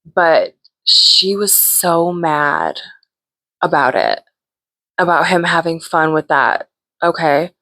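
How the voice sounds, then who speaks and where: A woman's voice: deep voice, lively intonation, slow, long pauses, sharp tone, no room sound. A woman hosting a podcast, casually telling a story, laughing often and acting out what people said. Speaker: podcast host.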